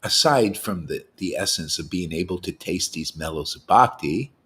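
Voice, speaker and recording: A man's voice: sits low, animated, moderate pace, fairly bright tone. A man giving an informal sermon to devotees as a spiritual teacher, emphatic and challenging, talking colloquially and repeating words for emphasis.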